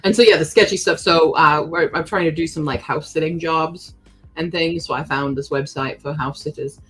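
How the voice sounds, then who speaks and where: A woman chatting casually on a live stream while she works, laughing often and answering chat in quick asides. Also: low-pitched, steady tone, a bit bright, breathy edge, soft background music.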